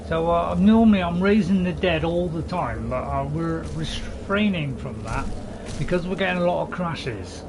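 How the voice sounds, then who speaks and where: A man whose voice sits on the high side speaks at a normal speed with lively intonation, casually chatting as he streams a game. He rambles and cuts himself off in an easygoing way, with a constant background of cricket and insect noise.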